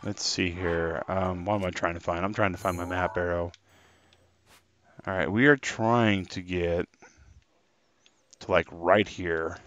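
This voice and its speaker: Chatty man streaming games, low voice. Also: fairly even intonation, a little slow, long pauses, a bit bright, a little hiss or hum. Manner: chatty and rambling, talking to chat. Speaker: streamer playing a game live. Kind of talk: casual live-stream chat.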